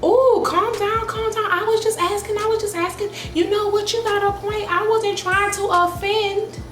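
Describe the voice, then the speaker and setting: A woman voicing a flustered, nosy female salon client who backpedals in a high, placating voice. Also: steady tone, moderate pace, fairly bright tone, reverberant, distant mic, faint music behind. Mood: backpedaling.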